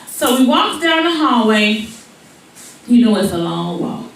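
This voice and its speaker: Woman in her 40s, stand-up comedian, animated storytelling, high bright voice, echoey hall, distant mic. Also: moderate pace, background noise. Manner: animated, rhythmic storytelling with repeated asides. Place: comedy venue. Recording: echoey venue from far off.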